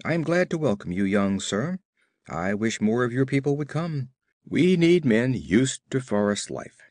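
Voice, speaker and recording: A man's voice: medium pitch, expressive, moderate pace, a little mellow, dry recording, clean studio sound, lightly acted. A man reading a careworn young fort governor. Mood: worried. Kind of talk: audiobook character reading.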